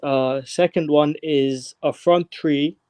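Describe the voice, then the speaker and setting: A man's voice: a little high, fairly even intonation, slow, darkish tone, smooth, dry recording. A man calling in to a fan show, hesitant with lots of "uh"s as he reads out his questions. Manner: hesitant, many "uh"s. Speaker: caller. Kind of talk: call-in question.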